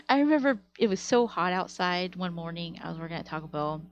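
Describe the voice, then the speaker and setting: A woman live streamer telling stories in a casual, animated way, laughing often. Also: fairly low pitch, normal speed, dull audio. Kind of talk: casual storytelling to chat.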